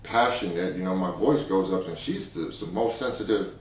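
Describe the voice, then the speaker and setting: A man co-hosting a candid couple's chat, relaxed and slangy, laughing easily. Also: low voice, normal speed. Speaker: podcast co-host. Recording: very echoey room, distant mic, faint noise.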